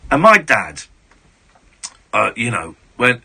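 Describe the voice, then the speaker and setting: Lively, bright-voiced radio host. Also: male voice, medium pitch, measured pace, creaky, husky. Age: 40s. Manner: animated, gushing, full of restarts. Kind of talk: casual chat, storytelling.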